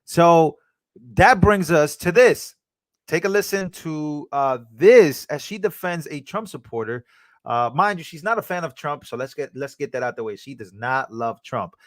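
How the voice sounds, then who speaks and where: A man streamer giving casual reaction commentary, excitable and full of fillers and repeats. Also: fairly high pitch, normal speed, no echo.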